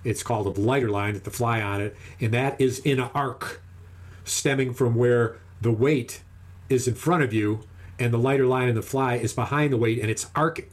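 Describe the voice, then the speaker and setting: A man speaking at a moderate pace in a mid-range voice spins a long, lively fishing tale in a casual way. When others in the story talk, he performs their lines in raised voices.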